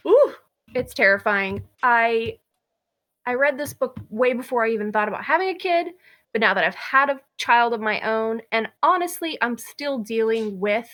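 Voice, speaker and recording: A young woman co-hosting a podcast in casual, candid chat. She laughs easily and talks openly. Her voice is bright, sitting a touch high. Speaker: podcast co-host.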